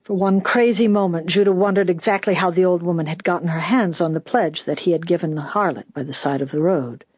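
An audiobook narrator reads a story with even, deliberate pacing. The voice is husky and breathy. The recording is dry and slightly dull. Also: mid-range voice, no room sound.

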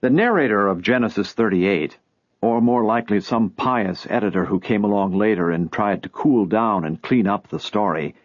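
Low-voiced man reading nonfiction. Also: dry recording, lo-fi sound. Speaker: audiobook narrator. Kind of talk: scripted nonfiction narration.

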